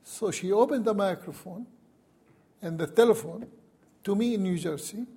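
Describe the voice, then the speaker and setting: Professor guy, husky mellow voice, telling a story and chuckling dryly. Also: high voice, normal speed. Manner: recounting events with wry chuckles. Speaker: university professor. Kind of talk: personal storytelling.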